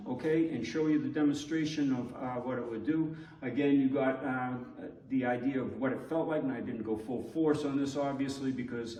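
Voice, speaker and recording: A man's voice: medium pitch, darkish tone. Fields: Sex: man. Role: martial arts instructor. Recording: roomy, distant. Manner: measured, explanatory, checks in with "okay?". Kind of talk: demonstration teaching. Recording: roomy echo from far off.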